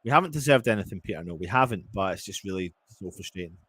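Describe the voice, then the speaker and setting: A man with a lowish voice calls a football match live as a fan commentator. He swings between quick play-by-play and angry, frustrated rants, sometimes swearing. The delivery is casual and unscripted. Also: expressive, fairly bright tone, breathy edge.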